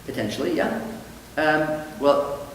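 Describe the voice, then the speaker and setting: A man's voice: a little high, lively intonation, slow pace, far from the mic. A man who is a rabbi, teaching a conversational Talmud class and acting out the quoted dialogue in his stories. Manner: thoughtful, acts out quoted dialogue with livelier voice. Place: synagogue study hall. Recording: very echoey hall, faint noise.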